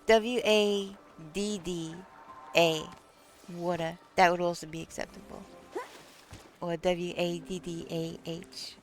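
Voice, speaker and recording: A woman live streams over soft background music, talking with viewers in a lowish, level voice at a slow pace. She reads chat messages out loud and toys with word pronunciations.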